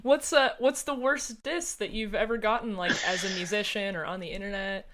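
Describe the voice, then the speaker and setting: A woman's voice: medium pitch, steady tone, fairly quick, noisy background. A woman hosting a podcast, interviewing a guest in a chatty, teasing manner with frequent laughter. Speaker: podcast host. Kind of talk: interview chat.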